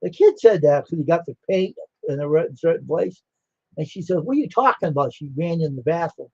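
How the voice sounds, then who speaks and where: A man's voice: fairly high pitch, lively intonation, brisk, slightly rough, no room sound, dull audio. An older man hosting a livestream, telling rambling stories in casual chat and acting out the dialogue. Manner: rambling, laughing, acts out quoted dialogue. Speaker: livestream host.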